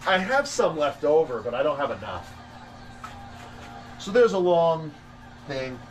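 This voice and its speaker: Rambling man chatting from his workshop. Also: on the high side. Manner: rambling, restarts often, casual swearing. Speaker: fishing lure maker hosting a livestream. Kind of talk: casual live-stream chat answering questions.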